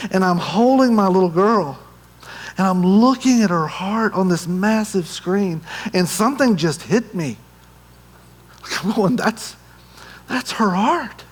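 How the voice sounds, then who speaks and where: A man's voice: high-pitched, normal speed. A middle-aged man, a pastor, telling a personal story in a sermon and acting out the voices of the people in it. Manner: animated, acts out quoted voices. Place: church sanctuary. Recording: echoey church hall.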